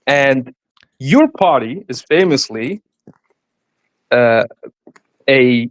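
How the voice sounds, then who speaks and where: A man's voice: medium pitch, lively intonation, very slow, no echo. A man calling into an online debate, evasive and teasing, often laughing. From Kurdish from Turkey. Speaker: caller.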